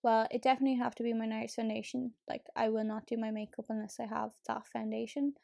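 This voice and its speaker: A woman's voice: on the high side, flat delivery, fast talker, vocal fry, warm tone, no room sound, clean studio sound. A woman chatting casually as a beauty vlogger while doing her makeup, full of fillers and easy swearing. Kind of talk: casual get-ready-with-me chat.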